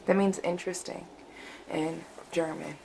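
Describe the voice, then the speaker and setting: A middle-aged woman hosting a casual storytime vlog about cake decorating at home, talking in a bubbly, animated way with sudden excited exclamations. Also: deep voice, measured pace, vocal fry, loud music behind the voice. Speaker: cake decorator and channel host.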